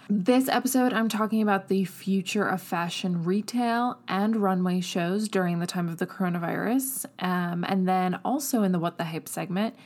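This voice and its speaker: A woman's voice: lowish voice, darkish tone. A woman hosting her own podcast in a chatty, upbeat monologue, recorded while traveling away from a studio. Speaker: podcast host.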